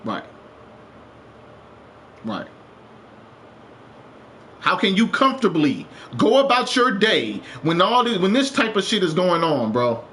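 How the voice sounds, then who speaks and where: A man's voice: high voice, very animated, slow, long pauses, fairly bright tone, a little hiss or hum. A man streaming a game live, ranting with passion, repeating himself and swearing. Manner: impassioned, repetitive, swears, rising to urgent.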